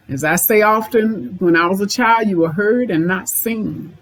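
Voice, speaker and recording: 멤피스 억양의 중년 여성 치료사. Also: female voice, medium pitch, moderate pace, hardly any pauses, rough recording. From Memphis, Tennessee. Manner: folksy, repeats lines for emphasis. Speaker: therapist, podcast host. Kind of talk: podcast monologue.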